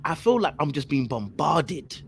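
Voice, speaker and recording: A young man telling a story on a podcast panel. He talks in animated bursts of slang and keeps repeating himself. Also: fairly high pitch, normal speed, a little hiss or hum. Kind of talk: casual storytelling.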